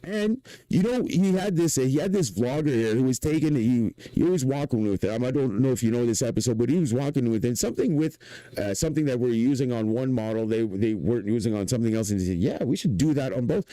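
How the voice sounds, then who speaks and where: A man from Quebec with a Québécois French accent, talking casually and excitably on a livestream, rambling, swearing and repeating himself. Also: mid-range voice, fast, no room sound, poor audio. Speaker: livestreamer and inventor.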